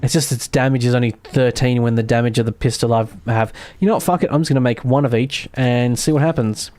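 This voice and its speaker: A man's voice: mid-range voice, quick pace, darkish tone, dry recording. An Australian man with an Australian accent, casually commentating his gameplay with sarcastic, self-mocking humor and free swearing. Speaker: streamer.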